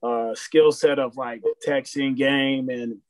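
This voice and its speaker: A man's voice: medium pitch, steady tone, slow pace, no echo, low-quality recording. Male interviewer, rambling questions, dry close sound.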